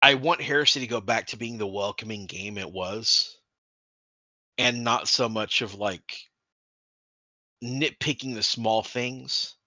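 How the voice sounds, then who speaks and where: A man co-hosting a casual hobby podcast, talking with animated energy, swearing freely and restarting sentences. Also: on the low side, a little slow, pauses often, no room sound. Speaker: podcast co-host.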